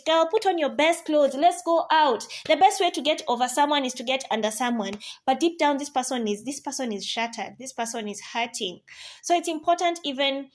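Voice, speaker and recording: Animated woman vlogger, high voice. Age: 30s. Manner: animated, playful asides, drops to soft tones on serious points. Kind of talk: casual life-advice talk to camera.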